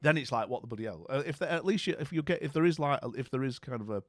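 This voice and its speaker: A man's voice: mid-range voice, expressive, fast talker, no room sound. A man chatting with his stream viewers, friendly and rambling, with lots of fillers and restarts. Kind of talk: casual chat.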